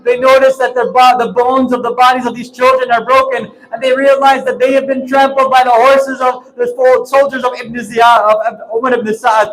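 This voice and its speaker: A male preacher delivers a mourning sermon in an extremely high, level voice that is a bit bright, at a moderate pace with hardly any pauses. Crying as he tells the story, he is impassioned and tearful, breaking into sobs. The audio quality is poor.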